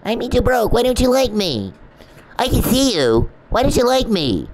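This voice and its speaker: A man's voice: big pitch swings, moderate pace, a crowd in the background, full character voice, low-quality recording. A man mocking a whiny creepy stalker. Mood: whining. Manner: mocking, high whining plea. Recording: background noise.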